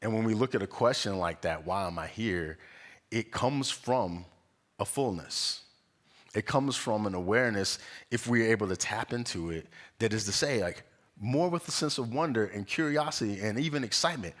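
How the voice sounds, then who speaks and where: A young man giving a conversational sermon at a spiritual center, an animated storyteller who acts out the voices in his stories and laughs often. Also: fairly low pitch, moderate pace. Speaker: guest speaker at a spiritual center. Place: church sanctuary.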